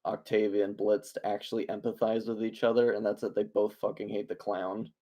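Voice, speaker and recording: A man's voice: lowish voice, level tone, a little fast, dark tone. A man co-hosting a podcast, sarcastic and profane, picking apart a video's claims. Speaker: podcast co-host. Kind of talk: casual critique chat.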